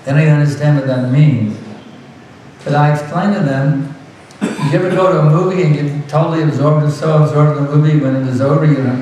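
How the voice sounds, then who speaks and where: A man's voice: a little high, fairly even intonation, fairly quick, mellow, heavy reverb, recorded from a distance, a little hiss or hum, poor audio. A man giving a devotional lecture as a spiritual teacher, earnest and repeating words for emphasis, with light laughs.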